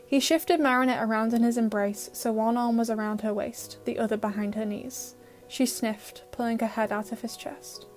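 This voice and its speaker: A woman's voice: on the high side, normal speed, faint music behind. Woman narrating an emotive fan fiction. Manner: steady, emotive storytelling. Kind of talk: audio fan-fiction reading.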